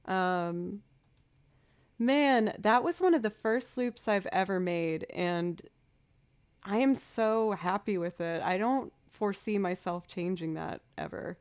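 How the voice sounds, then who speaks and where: A woman streaming music in casual live-stream chat with her viewers. She rambles in a chatty, self-deprecating way, and her voice sits at an everyday middle pitch. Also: slow pace, clear, resonant tone.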